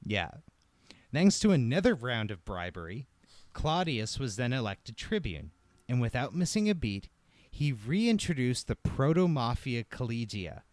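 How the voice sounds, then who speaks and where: A man telling a comedic history story on a podcast, wry and profane, with lively delivery. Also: medium pitch, unhurried, no echo.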